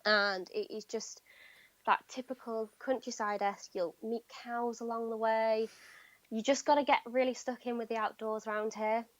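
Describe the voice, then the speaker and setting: Lively woman on a podcast. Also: on the high side, moderate pace, no echo, lo-fi sound. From Yorkshire, England. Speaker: podcast guest, blogger. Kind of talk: casual chat.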